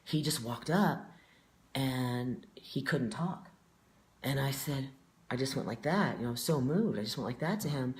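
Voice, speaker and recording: A stage performer in his forties tells stories during an interview, heartfelt, earnest and emotionally open. He speaks with a mid-range voice, lively intonation and a moderate pace.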